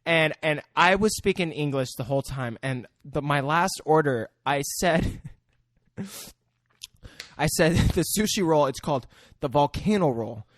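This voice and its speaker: Casting: young male podcast co-host, slightly higher voice, swearing and laughing through a rambling movie recap, dry close mic. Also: unhurried, fairly bright tone, no room sound. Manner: profane, laughing, rambling storyteller. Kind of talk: casual movie recap chat.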